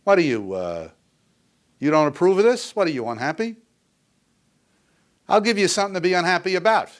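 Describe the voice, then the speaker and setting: Man putting on a shouting angry father, high strained voice, scornful, berating. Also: big pitch swings, a little fast. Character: angry stern father shouting at his son.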